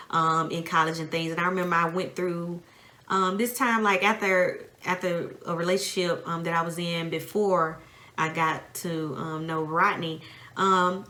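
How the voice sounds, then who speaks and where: A Southern American woman in her thirties talks in a relaxed, thoughtful way. Her voice sits fairly low but sounds bright. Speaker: podcast co-host. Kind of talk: casual chat.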